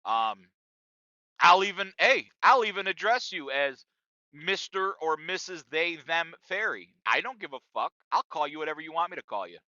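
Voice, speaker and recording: A man's voice: a little high, very animated, moderate pace, pushed and bright, dry recording, highs cut off. A middle-aged man hosting a podcast, talking loosely and profanely straight to his listeners in a casual monologue. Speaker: podcast host.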